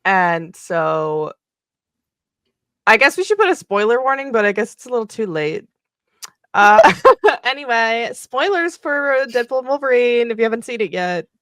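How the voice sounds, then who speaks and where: Bright bubbly woman host, dry close sound. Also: fairly high pitch, sing-song, moderate pace, no echo. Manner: bubbly, tangent-prone, laughing. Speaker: podcast host. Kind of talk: casual chat.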